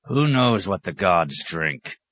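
A man voicing a proud, gruff nomad clan chief who speaks bluntly. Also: sing-song, takes it slowly, a bit bright, no room sound, exaggerated voice. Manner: rumbling, blunt.

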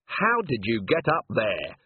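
A man playing a weary, gruff male watch commander who speaks brusquely. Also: mid-range voice, huge pitch swings, measured pace, slight background noise. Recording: tinny phone-like, dry.

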